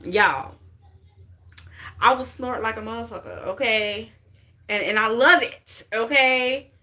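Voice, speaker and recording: A woman talks loosely to her viewers as a spiritual reader, her slightly high voice bright and forceful. She swears freely, laughs often and keeps checking in with "you get what I'm saying?". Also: slow pace. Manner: animated, profane, laughs often. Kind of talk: casual livestream talk.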